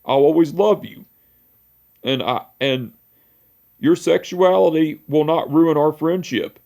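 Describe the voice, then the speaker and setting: A man's voice: on the high side, slow, vocal fry, a little mellow. A young man in his twenties telling a heartfelt, rambling story in a personal memorial vlog, repeating "I said" and "you know" often. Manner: emotional, heartfelt.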